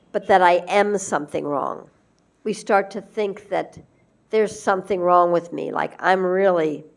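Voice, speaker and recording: Woman teacher, kinda low voice, chatty devotional talk, acts out the quotes. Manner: gentle, conversational, acts out quoted lines. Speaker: spiritual teacher.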